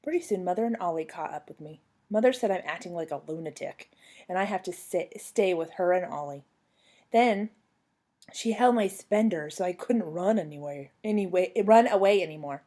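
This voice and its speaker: A young woman reading a children's book aloud at home on her couch, telling the story to a former student with lively expression. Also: on the low side, moderate pace.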